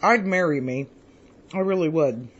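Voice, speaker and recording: A woman's voice: sits low, moderate pace. A woman rambles cheerfully through a casual home cooking vlog. She is filmed in her own kitchen, tasting each dish with pleased murmurs. The recording is dull and lo-fi, with faint background noise. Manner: chatty, rambling, tastes food on camera with lots of mm's.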